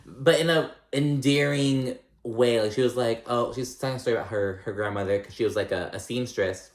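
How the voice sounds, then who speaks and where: A man's voice: mid-range voice, fairly quick, roomy sound. A man casually recapping reality TV in a chatty, rambling way, swearing freely and peppering his talk with "like". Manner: chatty, profane, rambling with many likes. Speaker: recap vlogger.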